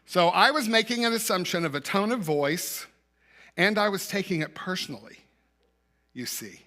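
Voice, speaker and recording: Man, sermon, conversational storytelling, rhetorical questions, bright tone, church. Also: high-pitched, lively intonation, normal speed. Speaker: minister. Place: church sanctuary.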